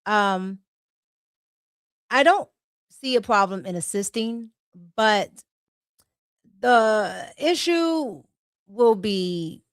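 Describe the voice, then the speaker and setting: A woman's voice: medium pitch, no echo, studio quality. A woman hosting a casual livestream, chatting, reading super chats aloud and laughing often. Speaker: livestream host.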